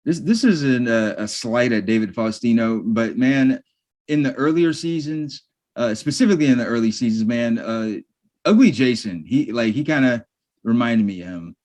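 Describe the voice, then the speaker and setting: A man's voice: medium pitch, lively intonation, moderate pace, darkish tone. A man co-hosting a podcast, summarizing a sitcom plot in a laid-back way with hesitant fillers. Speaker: podcast co-host. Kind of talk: casual chat recapping a sitcom episode.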